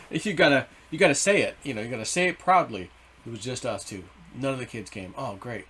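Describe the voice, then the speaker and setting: A middle-aged man telling a story in a rambling, excitable way, swearing and then softening his words. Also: medium pitch, brisk, slight background noise. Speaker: vlogger. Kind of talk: casual storytelling.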